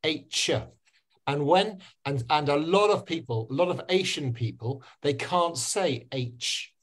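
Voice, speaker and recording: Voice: mid-range voice, lively intonation, measured pace. A pronunciation teacher patiently explaining and repeating phrases during a live webinar.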